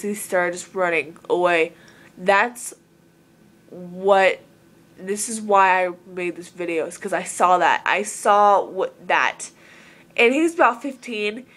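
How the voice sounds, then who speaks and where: A woman's voice: medium pitch, a bit bright. Earnest rambling woman from Southern Oregon. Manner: earnest, rambling, many filler words. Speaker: vlogger. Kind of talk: casual talk to camera.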